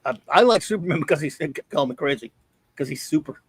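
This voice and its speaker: A man's voice: on the high side, lively intonation, fairly quick, husky, dry recording. Blunt opinionated man, dry close sound. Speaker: podcast co-host. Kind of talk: casual chat.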